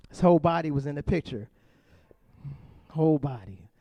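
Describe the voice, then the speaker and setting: A man performs stand-up for a room of seniors, joking with people in the crowd. His voice sits a little high for a man. The sound is dry and close, with no room around it. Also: animated, normal speed, mellow, no echo. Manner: playful, chatty crowd work, often laughing. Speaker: comedian performing for a seniors group. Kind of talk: stand-up comedy with crowd work.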